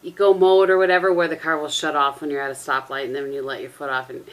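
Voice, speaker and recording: Her low-pitched, slightly bright voice comes fast with hardly any pauses. She's a middle-aged woman in a casual at-home vlog, rambling through stories and laughing often to a camera propped on a tissue box.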